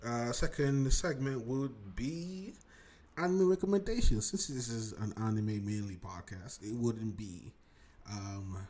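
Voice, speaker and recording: A man's voice: fairly low pitch, darkish tone. A young man hosting a solo podcast, talking in a loose, joking way and swearing freely. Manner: loose, joking, swears, laughs into his words. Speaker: podcast host. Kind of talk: casual solo podcast talk.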